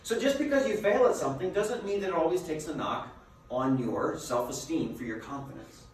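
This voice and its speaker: A man giving a motivational seminar as a business coach, a lively storyteller who asks his listeners rhetorical questions. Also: a little high, a little fast. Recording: very echoey room, mic far off, faint noise.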